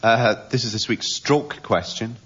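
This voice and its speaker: A man's voice: medium pitch, unhurried, a bit bright, a little hiss or hum. A man on a comedy panel, telling a comic story hesitantly with many ums. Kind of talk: casual comic banter. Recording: muffled broadcast recording.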